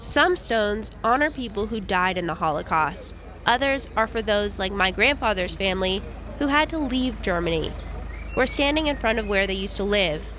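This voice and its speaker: A young woman from the United States narrating a radio feature report in a calm, measured first-person voice. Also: medium pitch.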